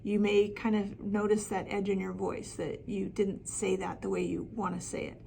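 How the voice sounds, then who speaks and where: A woman's voice: mid-range voice, little pitch movement, moderate pace, gravelly, mellow, a little hiss or hum. A middle-aged woman coaching parents with practical advice, talking plainly with frequent ums and restarts. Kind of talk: talking-head advice video.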